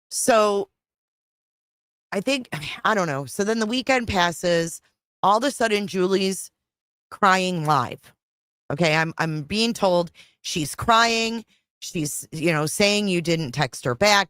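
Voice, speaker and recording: Middle-aged woman, livestream host, exasperated and rambling, low voice, dry close sound. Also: lively intonation, slow pace, fairly bright tone, dry recording. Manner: frustrated, rambling, repeats herself, swears. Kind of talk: casual livestream chat.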